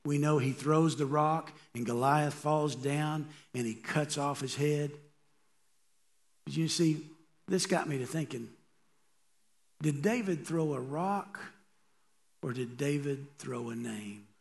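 A man's voice: fairly high pitch, slow, vocal fry, long pauses. A middle-aged man, a pastor, preaching a sermon in a conversational way and asking the congregation rhetorical questions.

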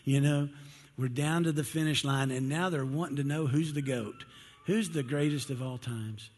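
A man delivers a sermon in a relaxed, folksy storytelling manner. His voice is husky, neither high nor low. It rings with the long reverb of a large hall. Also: fairly quick. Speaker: preacher.

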